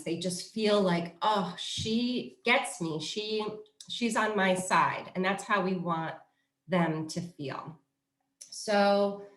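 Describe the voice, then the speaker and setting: A middle-aged woman sharing parenting advice as a trainer, talking at an ordinary pitch with lively storytelling. Her voice carries a noticeable roomy echo, as if recorded in a bare room. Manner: animated storyteller who acts out quoted voices. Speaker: positive discipline trainer. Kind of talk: casual conversational advice.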